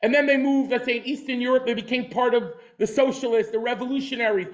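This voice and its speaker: High-voiced male teacher telling stories. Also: fairly even intonation, quick pace, dull audio. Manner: storytelling with jokes and acted quotes; repeats and restarts words. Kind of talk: lecture.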